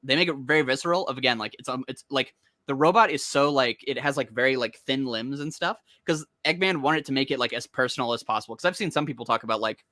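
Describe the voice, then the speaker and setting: Fast-talking bright-voiced young man. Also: medium pitch, dry recording. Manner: rambling, heavy use of "like", excited. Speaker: podcast co-host. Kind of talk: casual comic discussion.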